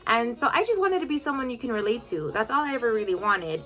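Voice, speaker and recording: A woman's voice: a little high, animated, quick pace, bright, forceful tone, faint music behind. A woman telling an emotional storytime vlog to her followers in a chatty, filler-heavy way. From United States.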